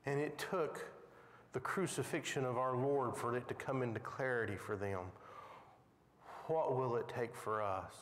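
A man teaching a Bible lesson with dramatic, emphatic storytelling, recorded in a church. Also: medium pitch. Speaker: Sunday school teacher. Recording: echoey hall with long reverb.

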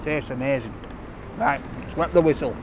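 A man's voice: mid-range voice, normal speed, background noise. A man reviewing a takeaway meal in a chatty, enthusiastic, jokey way, talking outdoors on a street. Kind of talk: casual food review vlog.

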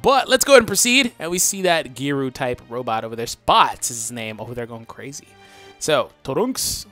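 A young man hosting a let's play, chatting casually to viewers and reacting loudly to the game, his voice groggy today. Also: mid-range voice, sing-song, fairly quick, faint music behind. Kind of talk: casual gameplay commentary.

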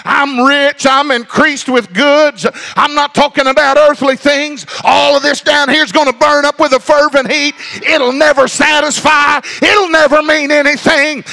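Shouting pastor, high voice. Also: male voice, gravelly. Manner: shouting, rhythmic preaching with sung phrases. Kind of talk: pentecostal sermon. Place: church sanctuary.

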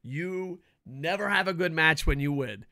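A middle-aged man ranting loudly about wrestling, cranky and swearing constantly. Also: fairly high pitch, expressive, a little slow, vocal fry, no echo, studio quality. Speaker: wrestling commentary vlogger. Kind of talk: profane ranting commentary.

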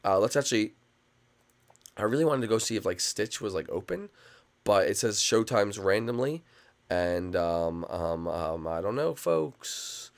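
Young man, gaming commentary, rambling, gravelly, bouncy intonation. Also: fairly low pitch, animated, unhurried. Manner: rambling, lots of "like" and "folks". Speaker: gaming YouTuber. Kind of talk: casual game commentary.

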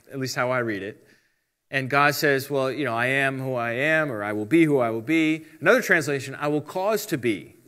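Bright-voiced man teaching Bible conversationally. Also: fairly high pitch. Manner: conversational, explains step by step, reads out translations. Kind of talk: casual teaching talk.

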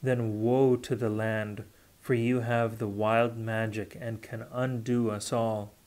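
A man's voice: medium pitch, flat delivery, takes it slowly, a little mellow, lightly acted. A man reading the part of a grave, fearful young woman in an audiobook, speaking solemnly and heavily. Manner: solemn and heavy.

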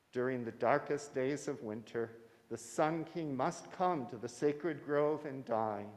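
A man voicing a wise old crone goddess in a solemn, measured way, recorded in a reverberant hall. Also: medium pitch, darkish tone, lightly acted.

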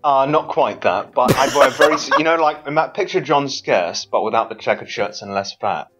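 A man's voice: mid-range voice, lively intonation, normal speed, over music. A man as a podcast guest, chatting in a rambling, hesitant way. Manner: rambling, hesitant, self-conscious. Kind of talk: casual podcast chat over a call.

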